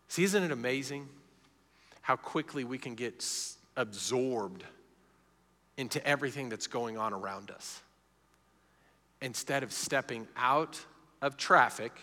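A man's voice: mid-range voice, measured pace, long pauses, pushed and bright. A middle-aged man preaching an earnest, conversational sermon at a live evening church service. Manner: earnest, conversational preaching, often opening with "see". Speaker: pastor. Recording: echoey church hall with long reverb.

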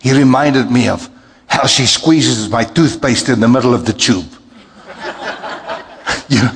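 A man's voice: measured pace, pauses often, long reverb tail, slight background noise. A male pastor preaching a sermon, telling a story and acting out the dialogue with big jumps in his voice. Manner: animated, acts out dialogue with big pitch jumps.

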